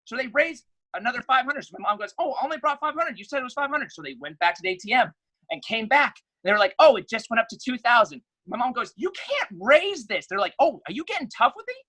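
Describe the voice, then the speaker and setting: A man's voice: very high voice, fast talker, poor audio. A young man, a podcast guest, telling a story in casual chat and acting out the voices in it. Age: young adult. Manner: animated, acts out quoted voices loudly.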